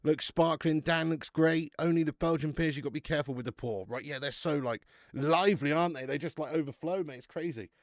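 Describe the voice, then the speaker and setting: A man's voice: fairly high pitch, a little fast, few pauses, no echo, clean studio sound. A young man chatting casually on a live stream, reviewing beer, bantering with viewers and swearing now and then.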